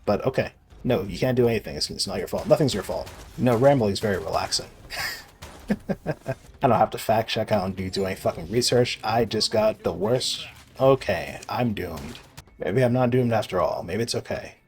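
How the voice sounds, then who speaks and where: A young man casually rambling and swearing as he plays a video game, sarcastic and quick to laugh at himself. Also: lowish voice. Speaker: gaming video creator. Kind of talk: casual rambling commentary while playing.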